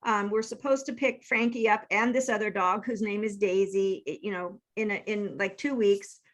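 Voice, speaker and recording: A woman's voice: mid-range voice, fairly even intonation, normal speed. A woman in her fifties telling a personal story earnestly and with feeling, acting out the lines she quotes. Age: 50s. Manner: emotional, earnest, acts out quoted texts. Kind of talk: casual storytelling.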